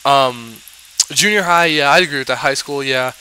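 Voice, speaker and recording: A man's voice: mid-range voice, moderate pace, sharp tone, clear, resonant tone, poor audio. A man in a casual, exasperated rant about a card game, sarcastic and rambling, full of fillers and restarts. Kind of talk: ranting commentary.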